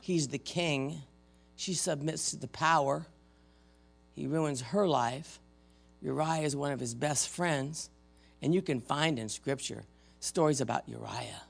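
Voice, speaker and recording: Older male preacher, gravelly voice, talks plainly, then swells loud for scripture. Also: fairly high pitch, unhurried, soft background music. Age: 50s or older. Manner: conversational preaching, dramatic readings of scripture, swings between loud and soft. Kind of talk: sermon.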